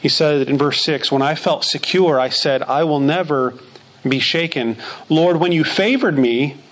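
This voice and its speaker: A man's voice: on the high side, a little slow. A man preaching a sermon who reads scripture verses aloud and repeats phrases for emphasis.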